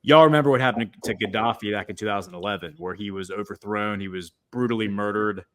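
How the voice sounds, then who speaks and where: A man's voice: fairly low pitch, fast talker. Rambling man on a livestream. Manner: rambling, many restarts and fillers. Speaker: guest commentator. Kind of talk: livestream political discussion.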